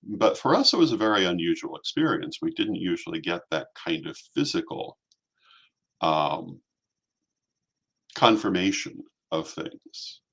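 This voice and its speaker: Deep-voiced man with a lively delivery. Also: a little slow, creaky, husky. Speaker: talk show co-host. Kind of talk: casual chat.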